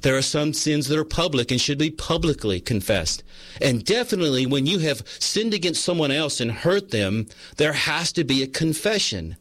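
A man's voice: fairly high pitch, big pitch swings, moderate pace, fairly bright tone, no echo. A male pastor preaching a conversational sermon, reading from a book and telling a personal story, often restarting his words.

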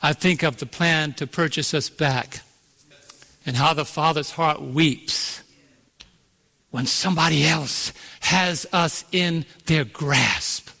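Preacher man with a bright, forceful voice. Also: on the high side, gravelly. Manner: storytelling preacher, slows and stretches key words, asks the congregation questions. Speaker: pastor. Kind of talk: sermon. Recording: long reverb of a large hall.

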